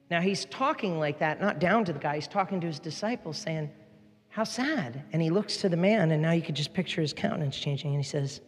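A fairly high-voiced man preaches to a congregation, lively and joking as he hops from thought to thought. His words ring out in a large church hall with a long, trailing reverb. Soft music sits faintly underneath. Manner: animated, jokey, jumps between topics. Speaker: pastor. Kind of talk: sermon.

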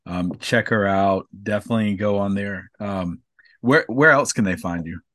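A man's voice: on the low side, moderate pace, a bit bright, no room sound. A man hosting a podcast interview, enthusiastic and encouraging as he wraps up with his guest. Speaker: podcast host.

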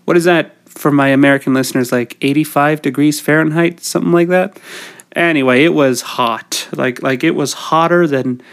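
A man's voice: fairly high pitch, fairly even intonation, moderate pace. A middle-aged man from Canada with a cold, hosting a casual solo podcast in a rambling, jokey, self-deprecating way. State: has a cold. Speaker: podcast host.

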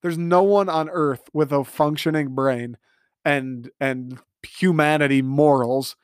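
Animated man ranting on a sports podcast. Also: fairly high pitch, slow, clean tone, dry recording, studio quality. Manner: animated, emphatic, swears freely. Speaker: podcast host. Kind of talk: solo sports podcast rant.

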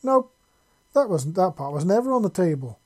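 A man voicing a menacing male wanderer who puts on an accent and talks in a slow, mock-polite drawl. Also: sits high, sing-song, darkish tone, voice pushed up.

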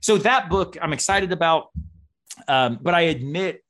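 Middle-aged man, animated storyteller. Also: a little high, moderate pace. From United States. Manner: animated storyteller, laughs often, frequent fillers. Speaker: philosophy professor guest. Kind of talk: casual conversational interview.

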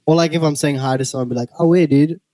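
A man's voice: medium pitch, fairly even intonation, very fast, darkish tone, dry recording. A young man co-hosting a podcast, chatting casually, teasing and laughing often. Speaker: podcast co-host. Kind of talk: casual chat.

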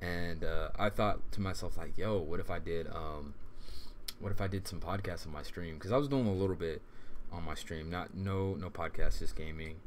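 A man's voice: deep voice, normal speed, slight background noise. A man hosting a casual podcast on his live stream, talking in a laid-back way with lots of fillers and frequent laughs.

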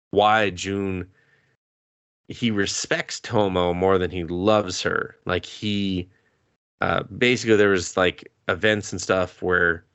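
A man's voice: fairly low pitch, a bit bright, clean tone, no echo. A man hosting a podcast, casually recapping an anime, swearing freely and laughing as he retells scenes. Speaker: podcast host.

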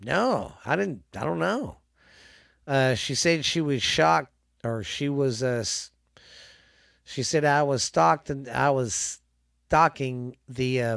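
Halting man reading ghost stories. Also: mid-range voice, gravelly, a bit bright, no echo, studio quality. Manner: halting reading with frequent restarts and fillers. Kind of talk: casual storytelling podcast.

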